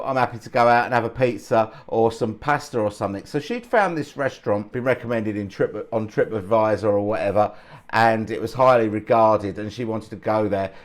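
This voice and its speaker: Chatty, chuckling man. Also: mid-range voice. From England. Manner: chatty, chuckling, self-deprecating. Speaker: channel host. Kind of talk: casual anecdotal storytelling.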